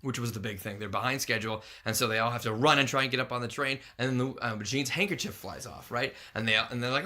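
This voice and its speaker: A man co-hosting a podcast, chatting casually as he recaps a cartoon episode and acts out its scenes in quick voices. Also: medium pitch, fairly even intonation, bright, forceful tone. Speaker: podcast co-host.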